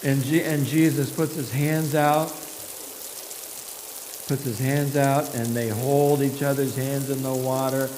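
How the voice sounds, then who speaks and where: An animated storyteller leading a children's message, coaxing the kids to repeat lines. The delivery is slow and deliberate, carried in a large echoing sanctuary with steady noise behind it. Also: mid-range voice. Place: church sanctuary. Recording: echoey hall with loud background hiss.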